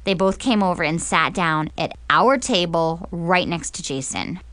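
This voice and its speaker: A woman's voice: lowish voice, expressive, a little slow, fairly bright tone, no room sound. A woman narrating a teen diary audiobook in the first person, sarcastic and dramatic.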